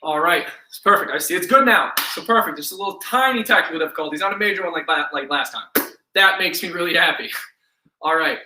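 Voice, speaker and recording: A man's voice: fairly high pitch, a little fast, background noise. A man leading a live-streamed workout class, upbeat and encouraging, counting reps aloud and a little out of breath. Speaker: fitness instructor. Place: indoor room, home workout stream. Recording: echoey room, distant mic.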